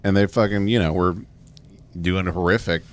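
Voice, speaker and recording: A man's voice: sits low, fairly even intonation, moderate pace. A man from the Texas Panhandle, co-hosting a comedy podcast and telling crude, rambling stories full of fillers. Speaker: podcast co-host. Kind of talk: casual comedic chat.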